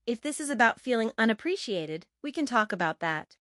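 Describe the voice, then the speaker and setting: A woman's voice: fairly high pitch, very animated, a little fast, fairly bright tone, dry recording, studio quality. A woman voicing a controlling, calculating mother who answers in clipped, insistent retorts. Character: controlling middle-aged mother, sharp, calculating.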